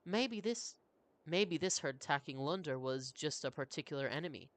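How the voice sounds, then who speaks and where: A streamer voicing a calm, wise older woman who speaks slowly and carefully. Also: medium pitch, lightly acted. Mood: patient. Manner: slow, careful speech.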